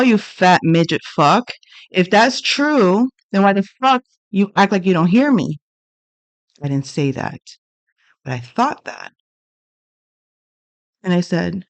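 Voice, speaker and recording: A woman's voice: fairly low pitch, no room sound. Blunt, profane woman telling a story. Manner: blunt, profane, animated retelling. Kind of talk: casual storytelling monologue.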